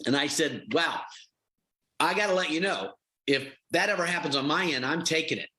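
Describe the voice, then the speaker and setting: Bright, affable middle-aged man. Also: a little high, moderate pace, rough recording. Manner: affable storyteller, animated. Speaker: reality show host. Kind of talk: TV interview answers.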